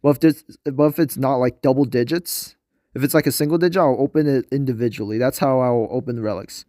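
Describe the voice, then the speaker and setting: A man's voice: mid-range voice, fast talker, mellow, no room sound, clean studio sound. A young man with a nasal voice talking casually about a mobile game he plays, hesitant and rambling, with many fillers and restarts. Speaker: gaming video creator. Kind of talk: casual gameplay commentary.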